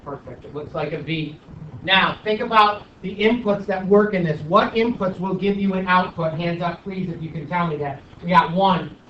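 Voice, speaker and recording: A male math teacher giving his class an animated, teasing pep talk and review, recorded in a classroom. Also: high-pitched, normal speed, far from the mic, slight background noise. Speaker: high school math teacher. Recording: echoey dull classroom recording from afar.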